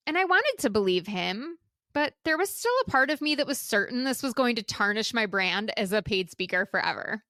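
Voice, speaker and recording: A middle-aged woman hosting a solo podcast, talking to listeners in a lively, conversational way and often asking rhetorical questions. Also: fairly high pitch, a little fast, no room sound, clean studio sound. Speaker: podcast host and speaker coach.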